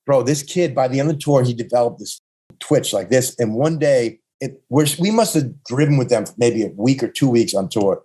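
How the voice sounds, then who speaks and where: A man's voice: medium pitch, expressive, normal speed, mellow. A man with a New York accent telling rambling tour stories as a podcast guest, often restarting his sentences. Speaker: podcast guest, punk musician. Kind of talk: casual storytelling.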